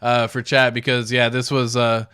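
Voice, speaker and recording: A man's voice: medium pitch, fairly even intonation, moderate pace, a bit bright, clear, resonant tone. A man hosting a casual crypto livestream, reading viewer comments aloud in a laid-back, slangy way and chuckling often.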